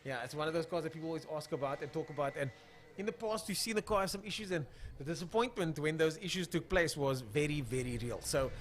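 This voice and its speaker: A man's voice: a little high, fast, fairly bright tone. A man giving casual live commentary on a drag racing stream, chatting loosely and filling gaps while he looks up drivers' names. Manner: chatty, thinks aloud, fills gaps while looking up names.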